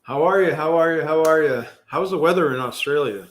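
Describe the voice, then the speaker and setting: A middle-aged male host chats live, going through viewer comments in a casual, rambling way. He's full of fillers and restarts and puts himself down, speaking a bit fast in a higher-pitched voice.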